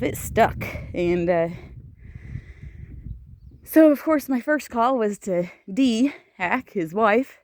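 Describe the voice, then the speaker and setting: A woman's voice: on the high side, darkish tone, dry recording. A woman casually telling a personal story to camera while walking outdoors on an icy path, chatty and laughing often between phrases. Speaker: vlogger.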